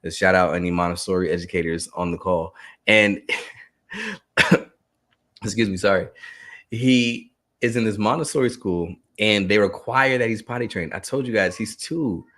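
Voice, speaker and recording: Brief: man in his thirties, lower voice, animated live talk to teachers, laughs a lot. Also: normal speed, long pauses. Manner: animated storytelling, laughing often. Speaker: educator and speaker.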